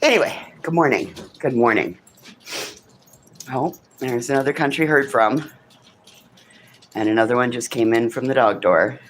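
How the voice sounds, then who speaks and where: A man's voice: medium pitch, normal speed, pauses often, fairly bright tone, slight background noise. A man vlogging a casual morning chat at a farm house, talking bluntly to his animals and swearing freely.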